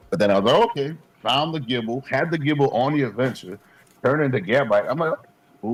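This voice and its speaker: A man, co-hosting a podcast and telling animated, profane stories, acting out his past self. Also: medium pitch. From Queens, New York. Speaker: podcast co-host. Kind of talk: casual chat.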